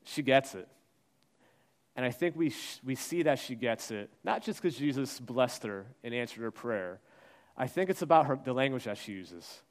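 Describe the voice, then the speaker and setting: A man preaching a sermon, acting out the voices he quotes and swinging between hushed and loud. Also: mid-range voice, expressive, moderate pace. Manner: dramatic, acts out quoted voices, shifts from soft to loud. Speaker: pastor.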